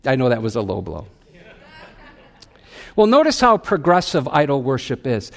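A male pastor preaching a sermon, emphatic, with big swings between loud raised lines and low quiet ones. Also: very animated, normal speed, creaky. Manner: emphatic preaching with wide swings of pitch and loudness.

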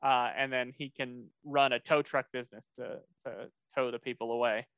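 A man's voice: medium pitch, steady tone, moderate pace, clean tone, no echo, lo-fi sound. A man co-hosting a podcast, casually recapping a cartoon episode with lots of fillers and restarts. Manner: rambling, many fillers and restarts. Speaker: podcast co-host.

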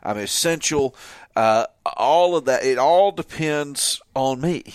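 A man's voice: mid-range voice, animated, slow pace, no room sound. A man talks as a guest on a podcast, working through an idea in a thoughtful way. He often repeats words as he builds his point. His voice is mid-range and sounds close and dry. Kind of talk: casual podcast chat.

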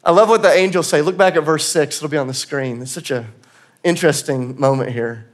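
Speaking a little fast in a voice on the high side, a pastor gives a sermon in a church auditorium. He keeps it earnest and conversational, occasionally chuckling at himself.

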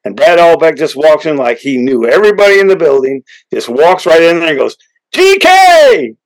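A man hosting a hunting podcast, telling a long story in a rambling way with many restarts and excited punchlines. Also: on the high side, fairly quick, poor audio. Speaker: podcast host. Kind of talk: casual storytelling interview.

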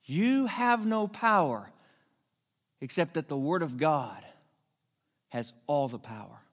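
High-voiced preacher in an echoing hall. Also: male voice, lively intonation. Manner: emphatic, rhetorical questions, drawn-out punch lines. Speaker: pastor. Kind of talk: sermon.

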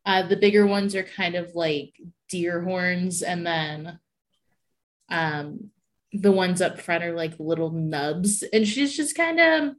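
A woman's voice: lowish voice, slow. A woman describing her character in a tabletop game, rambling with many fillers and giggles. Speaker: player.

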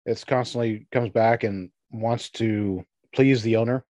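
A man's voice: medium pitch, steady tone, a little slow, darkish tone, no echo. Man narrating as game master. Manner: loose, rambling with frequent fillers.

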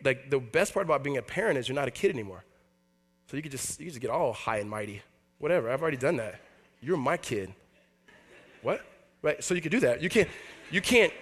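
A man's voice: a little high, a bit bright. A man, a pastor, preaching a conversational sermon to a church congregation and acting out the voices he quotes. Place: church hall before a congregation.

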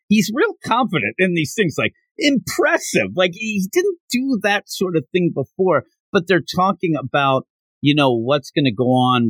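Male co-host, lively pitch, animated and laughing, dry close sound, casual manga chat. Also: no room sound. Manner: animated, laughing, acts out characters' lines. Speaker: podcast co-host.

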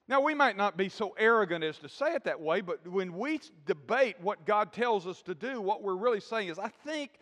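High-voiced preacher in a reverberant hall. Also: male voice, lively intonation, moderate pace, few pauses, a bit bright. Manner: preaching with rhetorical questions to the congregation. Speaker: pastor. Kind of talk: sermon.

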